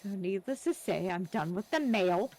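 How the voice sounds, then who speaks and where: A woman's voice: medium pitch, normal speed, a little hiss or hum, rough recording. A young woman with an American accent, streaming and telling a story in casual chat, acting out the voices she quotes. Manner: animated, acts out quoted voices.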